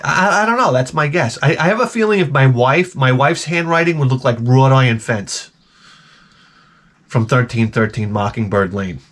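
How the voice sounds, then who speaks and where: A man's voice: medium pitch, normal speed. Profane, rambling male vlog host. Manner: jokey, exaggerated. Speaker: YouTube host. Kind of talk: comedic rant to camera.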